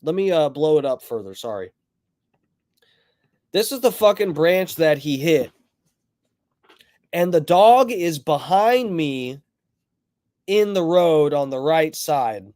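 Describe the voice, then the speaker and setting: A man on a livestream tells a story in a loose, rambling, profane way, breaking off to greet chat viewers. His voice sits a little high for a man. The sound is dry and close, with little room echo. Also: takes it slowly, pauses often. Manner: rambling, profane, animated retelling. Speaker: livestream host.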